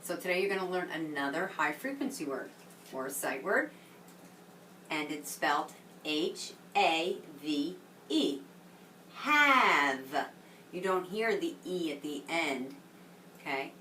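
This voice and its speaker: A woman teaching a reading lesson to young children, speaking slowly and clearly in an encouraging way, in an echoey room with the mic at a distance and a faint hum behind her. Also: deep voice, expressive, fairly bright tone. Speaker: kindergarten teacher.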